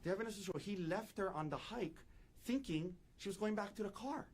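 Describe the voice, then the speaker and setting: A man's voice: high-pitched, brisk. A man, a defense attorney, giving an emphatic courtroom opening statement and repeating his key points.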